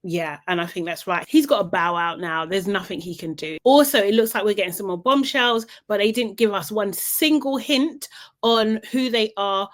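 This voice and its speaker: Young woman dishing on a reality show episode, chatty and animated, tons of "like" and "you know", mid pitch, laid back gossip vibe. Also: moderate pace. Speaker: reality TV recap vlogger. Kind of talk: casual gossipy recap.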